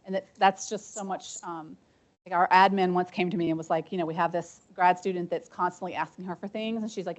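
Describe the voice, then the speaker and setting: A woman's voice: lowish voice, fairly even intonation, quick pace. A woman giving a conference breakout talk, chatty and anecdotal, often checking in with "right?" and "um". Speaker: conference presenter. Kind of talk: conference talk with audience discussion. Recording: dull lo-fi conference recording.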